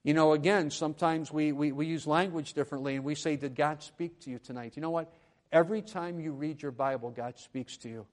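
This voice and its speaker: A man preaching a sermon at a church lectern, moving between quiet conversational asides and loud, emphatic proclamations. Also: fairly high pitch, steady tone, fairly quick. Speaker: pastor.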